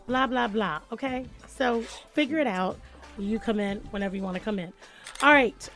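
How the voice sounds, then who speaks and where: A woman's voice: on the high side, moderate pace, fairly bright tone, faint music behind. A woman hosting a radio talk show in a studio, chatting in a playful, teasing way. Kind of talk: casual radio chat.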